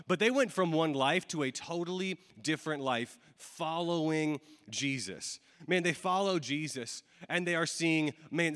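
A man's voice: fairly high pitch, a bit bright. A man preaching a sermon as a pastor, talking casually to a room with lots of fillers and repeated phrases. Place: church hall with audience. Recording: long hall reverb.

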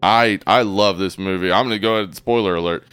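A man co-hosting a movie podcast in casual chat, playful and often laughing, rattling off quick promos. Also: on the low side, fairly bright tone, clean tone, dry recording. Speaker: podcast co-host.

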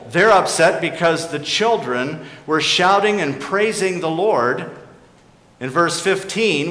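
A man preaching a sermon as pastor, earnest and questioning, dropping to quiet emphasis on key points. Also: fairly high pitch. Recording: echoey hall with faint background noise.

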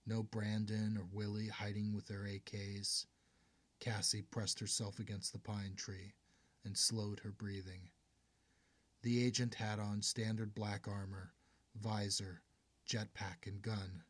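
A man narrating an audiobook in a steady, measured way, going hushed in tense passages. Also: lowish voice, no echo.

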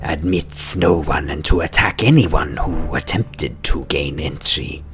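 A man's voice: a bass voice, music in the background, pitched below the performer's own voice. Man playing a hissing lizardfolk guard. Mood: wary. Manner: slow hissing, whispery menace. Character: slow hulking male lizardfolk guard, wary. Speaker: game master voicing a guard.

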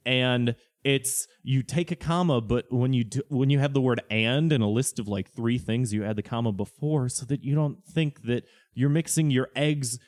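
A man's voice: medium pitch, normal speed, few pauses, a little mellow, close to an everyday voice. A man putting on the voice of a pompous, condescending grammar snob who drags out his insults. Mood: sneering.

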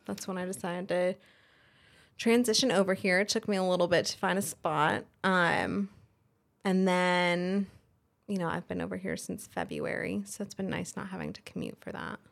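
A woman's voice: fairly low pitch, lively intonation, moderate pace, gravelly. A woman in her thirties, a hairstylist and salon owner, telling her story frankly in a casual podcast interview and acting out remembered conversations, with a lot of "like" fillers. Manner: frank and chatty, acts out remembered dialogue, frequent "like" fillers.

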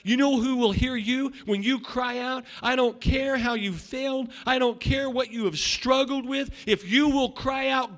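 A middle-aged man, a pastor, preaches a sermon in an extremely high-pitched voice. He swings from loud shouting to quiet asides, often repeating words and starting over.

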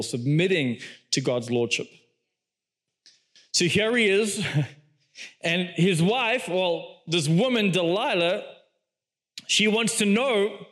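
A man preaching a sermon, telling a story with animated delivery, acting out quoted lines and laughing often as he speaks. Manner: animated storytelling, acts out quoted lines with big pitch swings.

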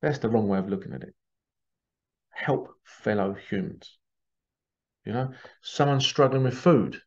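A man's voice: on the low side, unhurried, highs cut off. A man hosting a podcast, talking earnestly in a rambling, repetitive monologue. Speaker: podcast host. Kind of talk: casual monologue.

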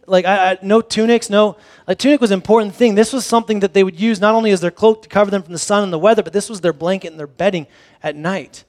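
A man giving a casual sermon, reading scripture and then playfully acting out the disciples' reactions in a conversational, animated way. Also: high-pitched, quick pace. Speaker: pastor.

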